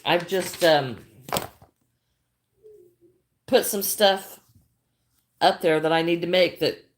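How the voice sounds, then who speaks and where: Older woman, somewhat low voice, chatty livestream crafter who greets viewers and repeats herself. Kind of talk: casual livestream chat while crocheting.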